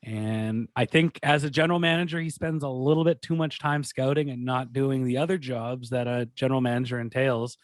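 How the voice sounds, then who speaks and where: A mid-pitched man talks sports on a podcast, sounding dry and close to the microphone. He rambles through long stories with plenty of restarts and keeps the delivery animated. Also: brisk, few pauses, dry recording. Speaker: podcast co-host. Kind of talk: casual sports talk.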